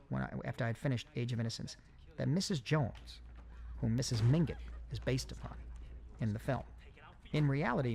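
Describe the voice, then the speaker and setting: A man recording a film commentary, speaking in a halting way with many fillers and restarts. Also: medium pitch, gravelly, a little mellow. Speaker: film director giving commentary.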